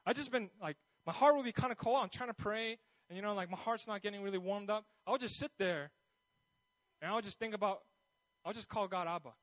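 A man's voice: sits high, a little fast, a bit bright, no room sound, low-quality recording. A man preaching a sermon in a conversational way, often restarting his sentences and checking in with his listeners. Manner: conversational, with many restarts and asides. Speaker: pastor.

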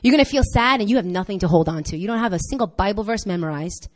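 Impassioned woman preaching, very lively pitch. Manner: impassioned, rising to near-shouts on emphasis; talks straight to the congregation with quick questions. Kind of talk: sermon.

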